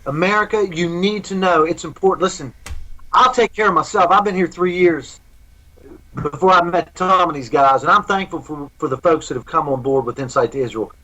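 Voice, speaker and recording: A man's voice: on the high side, brisk, bright, forceful tone, low-quality recording. A man speaking as a guest in a live remote interview, earnest and preaching.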